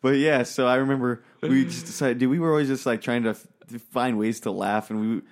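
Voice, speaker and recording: A man's voice: medium pitch, steady tone, brisk. A young man, a podcast co-host, telling stories in casual chat, rambling, swearing often and laughing as he goes.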